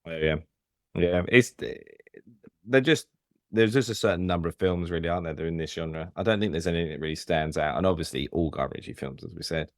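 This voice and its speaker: Give me a deep man on a film podcast, relaxed and agreeable. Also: no room sound, clean studio sound. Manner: easygoing, agreeable, quick to say yeah. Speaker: podcast co-host. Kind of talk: casual film podcast chat.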